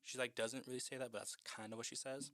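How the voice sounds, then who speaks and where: A man's voice: medium pitch, little pitch movement, quick pace, a bit bright, no room sound. A man casually recapping a horror film in a chatty, profane way, with lots of "like".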